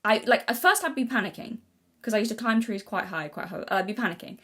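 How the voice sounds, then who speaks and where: Young woman, casual vlog monologue, earnest, restarts a lot, mid pitch. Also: fast talker, a bit bright. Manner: rambling, many restarts and self-corrections; earnest, thinking aloud. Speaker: vlogger. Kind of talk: casual unscripted talk to camera.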